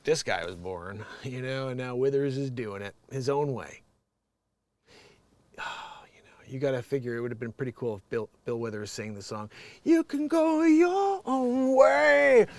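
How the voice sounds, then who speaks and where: A man's voice: medium pitch, moderate pace, darkish tone. A man hosting his own show, ranting casually and sarcastically, rambling, laughing often and mocking people in put-on voices. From United States. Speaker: show host.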